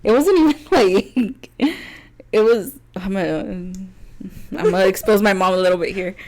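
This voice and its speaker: A woman's voice: mid-range voice, normal speed. A young woman, co-hosting a podcast and telling a personal story in a chatty way, full of "like" fillers and frequent laughs. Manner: chatty, heavy "like" fillers, laughs often between words; earnest and open, turning quiet on painful parts. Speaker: podcast co-host.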